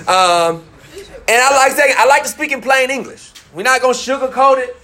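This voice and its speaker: A man's voice: very high-pitched, moderate pace. A man from Memphis, giving a candid, joking youth talk to a live group in a room. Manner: candid, joking, lively slang. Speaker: youth speaker.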